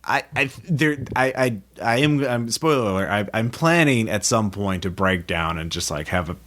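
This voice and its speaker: A young adult man co-hosting a podcast, chatting loosely about role-playing games and quickly agreeing. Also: fairly low pitch, expressive, a bit bright. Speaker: podcast co-host.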